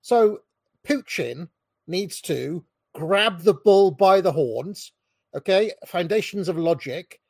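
Male commentator, blunt and scornful reaction ranting, higher-pitched, dry mic. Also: animated, slow pace, gravelly, a little mellow, slightly rough, dry recording. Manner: blunt, mocking, combative. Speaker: political commentator reacting to a clip.

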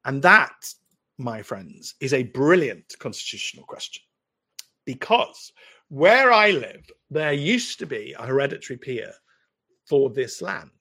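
A man's voice: mid-range voice, lively intonation, normal speed, gravelly, bright, forceful tone, slightly rough. A man in his forties with a posh English accent, a lawyer answering viewer questions in casual, rambling livestream commentary full of restarts and asides. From United Kingdom.

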